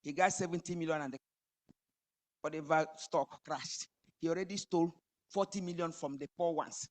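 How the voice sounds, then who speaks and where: A woman preaching a sermon, building emphatically to loud high climaxes. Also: moderate pace.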